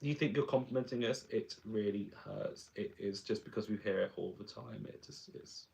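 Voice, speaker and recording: A man's voice: on the low side, moderate pace, creaky, darkish tone. A man who is a drag performer, chatting playfully while doing his makeup and laughing often.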